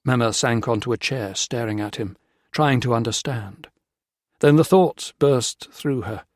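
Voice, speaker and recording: A man narrating a novel audiobook with steady, measured reading. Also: medium pitch, no echo, studio quality. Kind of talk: scripted narration.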